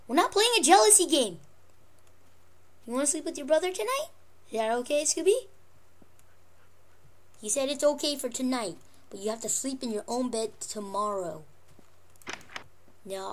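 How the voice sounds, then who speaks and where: Lively woman coaxing pets in a game. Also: a little high, normal speed, pauses often, a little hiss or hum. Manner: coaxing and fussing over pet wolves; excitable, jumps between squeals and mutters. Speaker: Minecraft let's player. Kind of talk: casual gameplay commentary.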